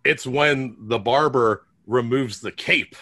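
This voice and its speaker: A man co-hosting a casual comedy podcast from home over a video call, animated and laughing through his story. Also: mid-range voice, takes it slowly, breathy edge. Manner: animated, laughs mid-sentence. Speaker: podcast co-host. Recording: noisy video call audio.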